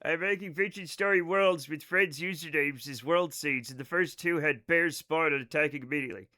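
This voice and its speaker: Bright, high-voiced male streamer. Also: fairly quick. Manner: rambling, swearing, chatty asides to chat. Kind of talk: casual live-stream chat with viewers.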